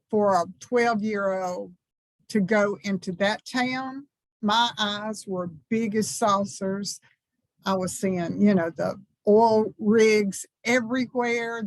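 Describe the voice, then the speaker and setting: A reverend in her sixties from the American South, with a Southern accent, tells personal stories as a guest speaker at church, enthusiastic and folksy. Her mid-range voice has no echo, though the recording is rough.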